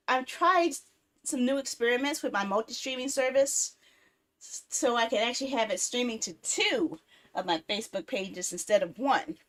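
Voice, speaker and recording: A woman streamer in casual live-stream chat, rambling and talking to herself as she fiddles with apps, quick to get exasperated and swear. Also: fairly high pitch.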